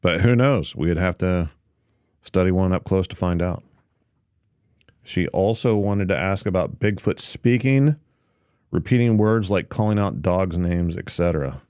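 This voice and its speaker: A very deep-voiced man hosts a casual podcast chat, easygoing and thinking aloud, often pausing on fillers and restarting sentences. His voice is close and dry, with no room sound. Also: darkish tone, clean tone, no room sound. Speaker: podcast host.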